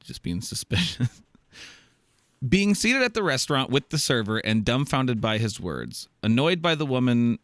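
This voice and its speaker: On his comedy podcast, a host with a medium-pitched voice reads out a story sent in by a listener, speaking at normal speed with no echo. He's lively throughout, laughing and cracking jokes along the way.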